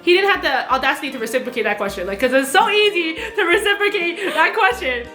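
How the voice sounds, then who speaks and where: Young woman guest, high-pitched and bright, animated chatty storyteller, roomy sound. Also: fast talker, faint music behind. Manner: animated storytelling, giggly, lots of fillers. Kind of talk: casual chat.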